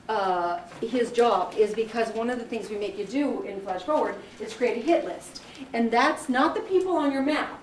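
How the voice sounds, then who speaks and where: A woman's voice: fairly high pitch, slight background noise. Chatty woman leading a workshop. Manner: chatty, anecdotal, animated storytelling with laughs. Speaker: workshop leader. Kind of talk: teaching a career workshop to a group. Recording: echoey room from far off, faint ambience.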